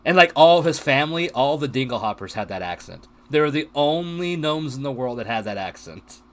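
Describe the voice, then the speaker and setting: A man chatting casually as a guest on a live stream, animated and laughing, his voice a little strained. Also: medium pitch, brisk.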